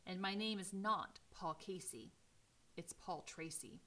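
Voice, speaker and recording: A woman voicing a guarded middle-aged man in a novel reading, speaking politely and in a measured way. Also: lowish voice, bright, forceful tone.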